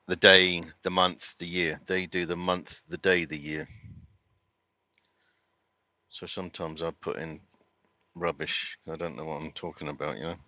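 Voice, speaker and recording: A man's voice: deep voice, pushed and bright, no echo, lo-fi sound. A man with a London accent chatting casually to his viewers on a livestream, rambling and asking them questions. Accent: London English. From London, England. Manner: rambling, talks to chat viewers while doing chores. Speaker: livestream host.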